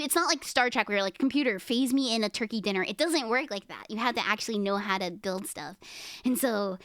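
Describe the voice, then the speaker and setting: Woman, high-pitched, very animated, rambling, giggly, casual stream chat, dry close sound. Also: no echo.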